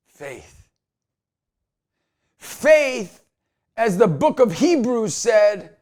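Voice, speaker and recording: Male evangelist, unhurried delivery, chatty storyteller turning to fervent shouted preaching. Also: extremely high pitch, sing-song. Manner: builds from quiet asides to shouted preaching; laughs often, storytelling. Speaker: Catholic evangelist speaker. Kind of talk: motivational faith talk.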